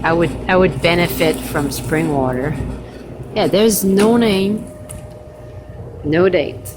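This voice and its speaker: Rambling woman vlogger, slow and low. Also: noisy background. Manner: chatty, rambling, amused asides with laughs. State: sick. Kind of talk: casual vlog chat. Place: hostel kitchen and common room.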